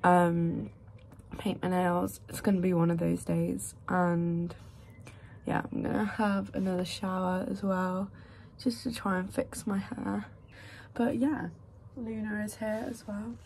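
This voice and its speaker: A young woman talks to the camera in a loose, rambling way and laughs often. Her pitch sits at an ordinary middle height for a woman, and she chats like she is talking to a friend. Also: level tone, unhurried, gravelly, a little mellow, slight background noise. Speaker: vlogger. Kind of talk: casual chat to camera.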